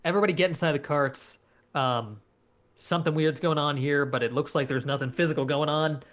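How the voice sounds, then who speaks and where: Tinny-sounding man playing a tabletop game. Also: on the high side. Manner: brisk, commanding in character. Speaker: player. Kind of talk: tabletop game play over a call. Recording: tinny phone-like call audio.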